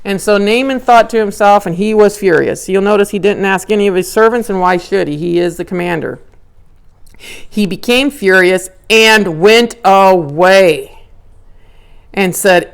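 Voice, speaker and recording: A woman giving a conversational Bible lecture, animated and acting out characters' inner dialogue. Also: mid-range voice, measured pace, clean tone. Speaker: Bible teacher.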